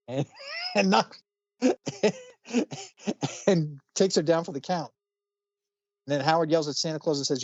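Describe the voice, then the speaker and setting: A man's voice: medium pitch, a little mellow, dry recording. A man casually recapping a comic book plot on a podcast, rambling with plenty of fillers. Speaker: podcast co-host. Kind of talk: casual comic review chat. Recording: slightly muffled dry recording.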